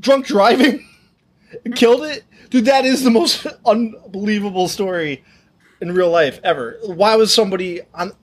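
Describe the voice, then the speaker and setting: A man with a voice that sits high, speaking at normal speed, co-hosts a horror movie podcast. In this casual film chat he reacts with disbelief and throws in laughing asides.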